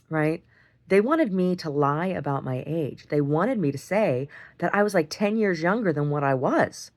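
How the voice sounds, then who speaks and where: Woman, lower voice, blunt diary-style storyteller, casual and animated. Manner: animated, frank storytelling with lots of "like" and "right?". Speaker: video diarist. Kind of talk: casual monologue.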